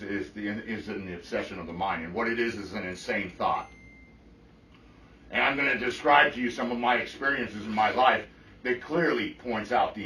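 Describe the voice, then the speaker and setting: A middle-aged man speaks to a meeting room, blunt and full of swearing, tossing "right?" at his listeners. His voice is bright and forceful, while the room around him rings and he sounds set back from the mic. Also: on the low side. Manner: blunt and profane, often checks in with "right?". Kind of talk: personal testimony to a group. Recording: echoey room, mic from far off.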